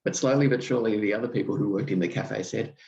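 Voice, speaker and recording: A man with an Australian accent hosting a podcast, telling stories in a thoughtful, unhurried way. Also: fairly low pitch, creaky, darkish tone, reverberant, highs cut off. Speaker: podcast host. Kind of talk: reflective solo podcast talk.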